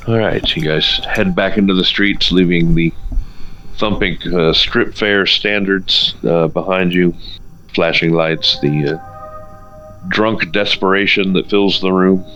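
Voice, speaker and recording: A man narrating a tabletop game as its game master, in a relaxed and halting way with fillers. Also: deep voice, dull audio, faint music behind.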